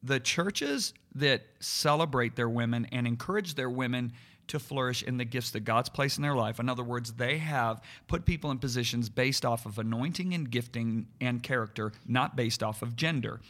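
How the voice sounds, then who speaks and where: A man's voice: medium pitch, moderate pace, a bit bright. A middle-aged man preaching earnestly in conversation, stressing words and repeating himself as he builds each point. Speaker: preacher and podcast co-host.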